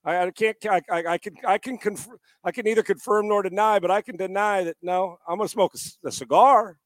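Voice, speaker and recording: A middle-aged man hosting a sports talk show, loud and joking, telling stories with put-on voices. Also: high voice, steady tone, a little fast, dry recording, clean studio sound. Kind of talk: casual podcast banter.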